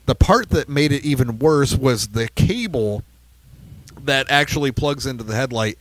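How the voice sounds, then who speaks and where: A man's voice: mid-range voice, moderate pace, dry recording, rough recording. A man co-hosting a podcast, telling a tour story in casual chat and acting out quotes. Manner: animated, acts out quotes in a raised voice. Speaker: podcast co-host, band member.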